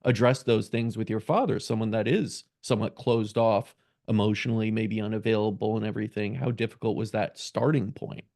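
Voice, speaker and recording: A man hosting an interview, asking questions and reflecting in a measured, deliberate way. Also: fairly low pitch, fairly even intonation, vocal fry, a little mellow. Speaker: host.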